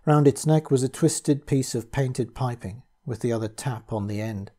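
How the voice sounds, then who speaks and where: A man reading a first-person horror tale aloud, his delivery measured and grave. His voice is mellow and warm, with a husky grain to it. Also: medium pitch. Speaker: audiobook reader.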